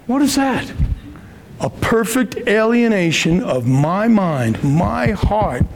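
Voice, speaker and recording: A man preaching in a relaxed, conversational sermon, his voice slightly high with a gravelly edge. He talks earnestly, lifting his pitch to stress points and acting out his own prayers aloud. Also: a little hiss or hum. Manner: earnest, rises in pitch for emphasis, acts out prayers.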